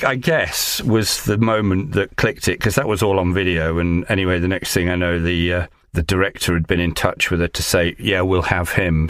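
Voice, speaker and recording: A male actor and audiobook narrator, a podcast guest, telling a relaxed and wry story about an audition. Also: low voice, dry recording. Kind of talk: anecdotal storytelling.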